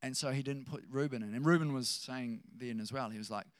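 A man preaching a sermon in a conversational, animated way, with chuckling asides to his listeners. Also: medium pitch, a little fast, no room sound.

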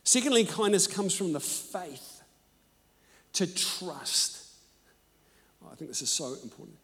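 High-voiced preacher in an echoey hall. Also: male voice, unhurried. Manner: animated, emphatic, swings from loud to hushed. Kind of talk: sermon with personal storytelling.

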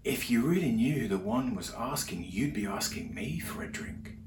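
A man voicing a gentle, kindly Jesus who speaks in a soft, hushed way. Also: mid-range voice, expressive, normal speed, close to an everyday voice. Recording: roomy hall echo.

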